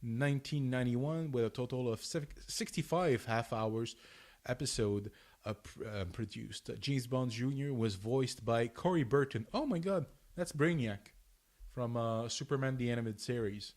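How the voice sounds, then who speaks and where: A man co-hosting a podcast, reading notes aloud in a halting, restart-filled way. His voice has an ordinary middle pitch. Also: darkish tone. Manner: halting, many restarts, laughs easily. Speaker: podcast co-host. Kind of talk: casual chat.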